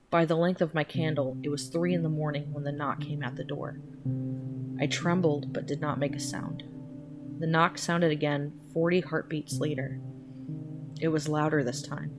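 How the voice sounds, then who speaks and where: A woman reading a scary story aloud in a slow, hushed, measured way. Her voice sits deep and low. Quiet guitar music runs beneath the narration. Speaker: podcast storyteller. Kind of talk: scripted horror narration. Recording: music playing under the voice.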